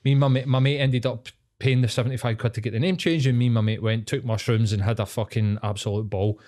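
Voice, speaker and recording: A Scottish man with a Glaswegian accent, talking on a podcast in loose, sweary chat. He rattles through stories and jumps into quick voices for the people in them. His pitch sits in the middle for a man. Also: steady tone, darkish tone. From Scotland. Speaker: podcast co-host. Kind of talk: casual chat.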